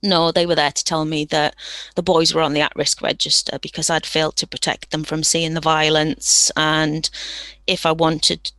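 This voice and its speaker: A woman's voice: low-pitched, level tone, normal speed, a bit bright, no echo. A woman with a Durham accent, a guest telling her own story frankly in a podcast interview, from a room at home with rueful laughs now and then. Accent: Durham English.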